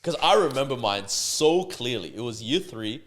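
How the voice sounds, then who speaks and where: A man's voice: medium pitch, animated, normal speed, a bit bright. A young man from Australia, co-hosting a podcast and telling school stories in casual chat between friends, laughing hard as he goes. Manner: storytelling, laughs hard at his own stories. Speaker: podcast co-host.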